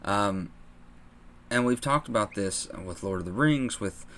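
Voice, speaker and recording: A man co-hosting a casual podcast chat, relaxed and full of fillers, acting out scenes he retells. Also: lowish voice, measured pace, slight background noise. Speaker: podcast co-host.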